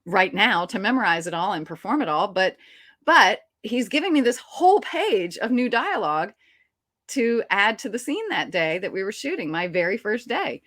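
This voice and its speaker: A woman at a middle pitch recounts a story from a film set as an interview guest. She talks in an animated, chatty way and often restarts her sentences. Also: moderate pace, no room sound, clean studio sound.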